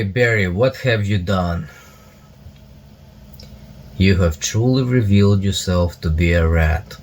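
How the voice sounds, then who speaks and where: A man's voice: deep voice, slight background noise. A man with a Russian accent mocking someone sarcastically, calling himself a comedian. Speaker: self-styled comedian.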